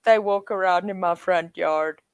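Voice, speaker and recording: A woman in a casual chat, talking slowly and easily. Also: fairly low pitch, clear, resonant tone, dry recording.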